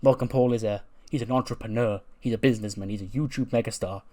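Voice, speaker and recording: A man's voice: fairly low pitch, fast talker, warm tone, close to an everyday voice. A man voicing a male sidekick who hypes his famous friend in rambling, defensive sales talk. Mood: boastful.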